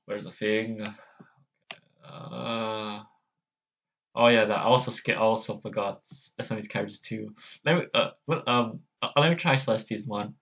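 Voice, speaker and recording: A man's voice: fairly low pitch, steady tone, measured pace, fairly bright tone, muffled recording. A man hosting a casual vlog, hesitant and self-deprecating as he tries out character voices. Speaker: channel host.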